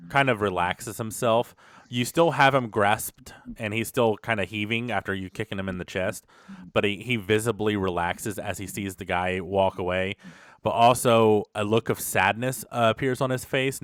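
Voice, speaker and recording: A man's voice: on the low side, clear, resonant tone, dry recording. Man narrating a tabletop game, dry close sound. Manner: loose, conversational narration with fillers. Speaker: game master.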